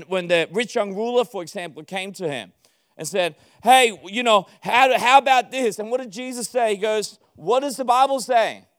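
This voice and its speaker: A male pastor preaching to a room of leaders. His voice sits fairly high for a man, and he keeps it animated, laughing often and slipping into quick acted-out exchanges. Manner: animated, laughing, acting out dialogue. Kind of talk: sermon to church leaders.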